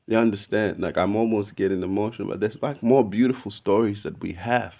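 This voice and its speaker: Aussie guy in his 30s, kinda low voice, rambling story full of slang and "bro". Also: a little fast, gravelly, hardly any pauses, lo-fi sound. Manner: slangy, animated, says "bro" constantly. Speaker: video podcast host. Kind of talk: casual storytelling rant.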